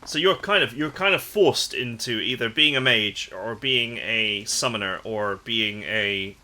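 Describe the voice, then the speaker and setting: Bright-voiced man narrating game text. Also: fairly low pitch, unhurried. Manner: casual asides full of "like", dramatic read-aloud of game prose. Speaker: let's play host. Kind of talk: gameplay commentary and reading game text aloud.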